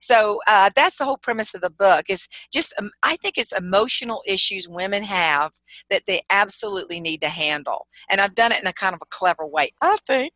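A middle-aged woman with a South Carolina Southern accent appears as a humorist guest in a casual interview, in a dry recording with poor audio. Her mid-range voice moves briskly as she tells animated stories and laughs often.

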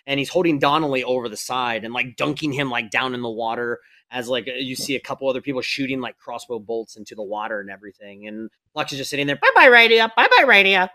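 A man's voice: mid-range voice, steady tone, quick pace, few pauses, sharp tone. A man narrating as game master of a live-streamed tabletop game, talking casually with lots of fillers. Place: streaming setup.

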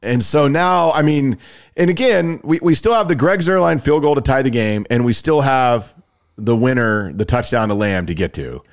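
A man's voice: medium pitch, normal speed. A man hosting a casual sports podcast, chatty and often laughing as he introduces clips. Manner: chatty, laughing, animated storyteller. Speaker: podcast host.

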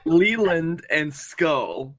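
A man co-hosts a comedy podcast with a fairly high, bright voice. He trades dry, deadpan comebacks in casual banter. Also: extremely slow. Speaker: podcast co-host.

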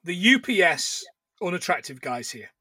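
A man co-hosting a podcast in a high, bright voice. He recaps a film with a lot of swearing and jokey asides. The sound is close and dry. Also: very animated, normal speed, husky, no room sound. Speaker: podcast co-host. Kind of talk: casual film recap chat.

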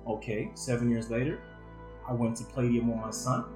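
A man's voice: medium pitch, flat delivery, a little fast, reverberant, over music, low-quality recording. A man in his thirties talking earnestly and emotionally about fatherhood, with casual slang, in a candid podcast conversation. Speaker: guest.

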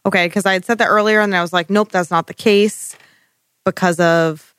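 A podcast co-host chatting about a show, laughing often and thinking out loud with casual swearing. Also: mid-range voice, steady tone, normal speed, clean tone, dry recording, clean studio sound. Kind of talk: casual recap chat.

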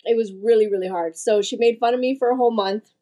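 A woman guest telling a personal story on a podcast in a lively, animated way, with frequent "like" fillers and voices for the people she quotes. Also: on the high side, quick pace, highs cut off.

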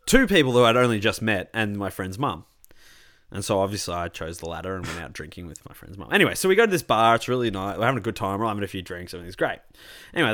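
A man's voice: fairly low pitch, fairly bright tone. A young Australian man telling a rambling party story in casual chat, swearing freely.

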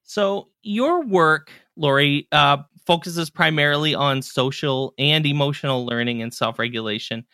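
A man hosting a podcast, talking casually and relaxed, often trailing off and restarting his sentences. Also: on the high side, measured pace, hardly any pauses, clear, resonant tone, no echo, studio quality. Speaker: podcast host.

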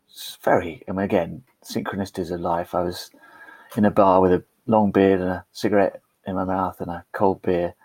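A man's voice: low-pitched, darkish tone, slightly rough, no room sound. A man, a podcast guest, telling a personal story in a chatty, self-deprecating way with frequent restarts. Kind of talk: conversational storytelling.

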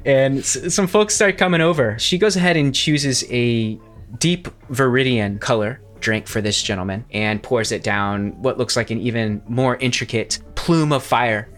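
A man's voice: medium pitch, moderate pace, a bit bright. A man narrating a tabletop game as game master, descriptive and wry.

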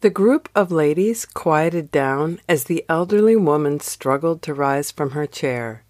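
A woman reads a devotional script with slow, storyteller pacing. Her voice sits low, yet it rises and falls with lively, animated inflection. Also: no room sound, clean studio sound. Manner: slow, expressive storytelling read. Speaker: devotional podcast host.

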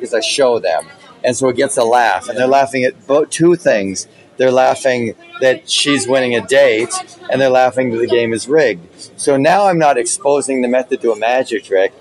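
A man's voice: mid-range voice, normal speed, a little hiss or hum, poor audio. A man who works as a magician, telling stories in a casual podcast interview and acting out his own stage patter as he goes. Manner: animated, acts out his stage patter in retelling.

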